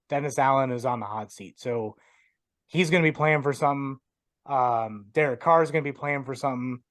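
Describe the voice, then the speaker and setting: A man's voice: medium pitch, a bit bright, no echo. Confident young man, dry close sound. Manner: confident, listing points in order. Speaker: sports podcast co-host. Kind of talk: casual sports talk.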